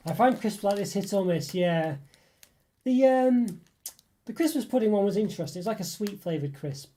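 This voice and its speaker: Mellow-voiced man chatting on a livestream. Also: sits high. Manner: reads viewer comments aloud and muses on them, many fillers. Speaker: livestream host reading chat. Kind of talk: casual live chat.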